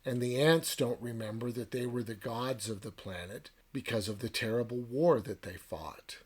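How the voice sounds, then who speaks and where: A man voicing a small talking spider with a calm, knowing manner, in a husky voice. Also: mid-range voice, normal speed, natural voice. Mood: solemn. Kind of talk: retelling a story aloud.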